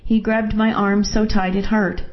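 A woman's voice: mid-range voice, flat delivery, a little slow, voice pushed up, close to an everyday voice. A woman voicing a shaken wife who insists on what she saw, in a dull lo-fi recording. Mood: insistent. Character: shaken wife recounting her rescue.

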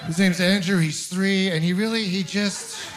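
A man in his thirties from Ontario doing a stand-up comedy set, telling stories deadpan with quick voiced asides. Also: high-pitched, background noise. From Ontario, Canada. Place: comedy club stage with a live audience laughing.

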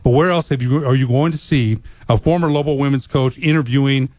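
A man talks as a guest on a sports radio show, rambling and enthusiastic, with frequent pauses. His pitch is medium. The sound is dry and close, with no room in it. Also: darkish tone, no echo. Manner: rambling, full of uh fillers, enthusiastic. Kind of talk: casual sports radio chat. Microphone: studio mic.

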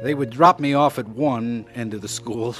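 A man's voice: medium pitch, moderate pace, a bit bright, soft background music, close to an everyday voice. An actor in a radio drama playing a man who narrates his own life story and speaks hesitantly, as though troubled. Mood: reflective.

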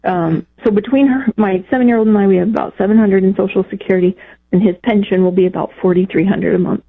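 A woman calling in to a radio advice show, talking in a halting, emotional way with many pauses and fillers. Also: mid-range voice, fairly even intonation. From Texas, United States. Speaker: caller. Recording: phone-line call.

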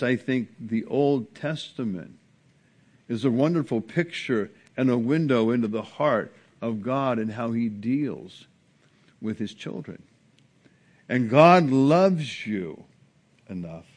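A man preaching an earnest sermon as a pastor, with sudden rises and drops in pitch and loudness. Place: church sanctuary.

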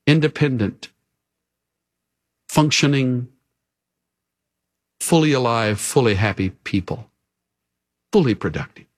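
A man preaching a sermon in an earnest way, dropping low and soft for emphasis. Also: lively intonation, takes it slowly, pauses often, husky. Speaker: pastor.

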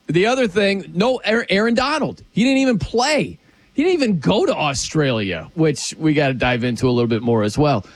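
Animated high-voiced man talking sports. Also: no echo. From United States. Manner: animated, jokey, swoops his pitch around. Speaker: sports talk host. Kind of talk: casual sports talk.

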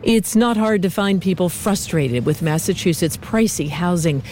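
A female reporter narrating a news feature with a measured, even delivery. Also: on the low side, a little hiss or hum.

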